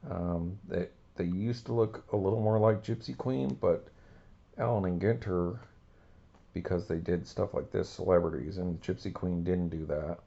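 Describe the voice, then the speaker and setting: A man's voice: low-pitched, normal speed, creaky, dark tone, highs cut off. A man hosting a casual card-opening video, talking in a rambling, laid-back way. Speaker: card-collecting channel host.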